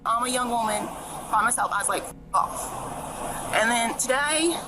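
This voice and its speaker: A woman's voice: a little high, a little fast. A woman in her twenties defensively explaining herself to police, repeating what she said, recorded outdoors on a body camera. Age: 20s. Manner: defensive, repetitive "I said" retelling. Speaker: suspect questioned by police. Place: outdoors on a street. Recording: outdoor body-cam audio with background noise.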